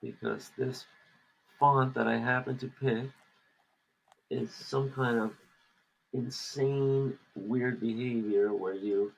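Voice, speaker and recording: A man's voice: medium pitch, fairly even intonation, takes it slowly, gravelly, long pauses, breathy edge, poor audio. A man co-hosting a podcast, chatting casually while lettering a comic page. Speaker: comic artist and podcast co-host.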